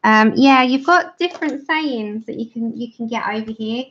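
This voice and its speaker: A woman's voice: on the high side, moderate pace, a bit bright. An English woman hosting a livestream, chatting casually and explaining each step as she colours. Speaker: livestream host. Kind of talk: casual chat while colouring. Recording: dull lo-fi livestream audio.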